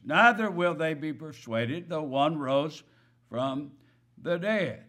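A man's voice: on the high side, takes it slowly, a bit bright. A man preaching a sermon, stressing key words and asking his listeners rhetorical questions.

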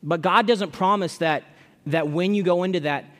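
A man preaching a sermon, reading scripture and then talking it through in plain, conversational language. His voice sits a little high for a man, and he often doubles back on his words. The sound carries the long reverb of a large church hall. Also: moderate pace, a bit bright. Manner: conversational, repeats words, reads scripture aloud. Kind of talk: expository sermon.

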